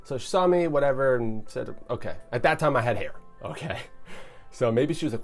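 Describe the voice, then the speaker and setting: A young man telling a personal story on his channel in an animated, conversational way, often checking in with the listener. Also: medium pitch, a little fast, faint music behind. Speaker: YouTuber.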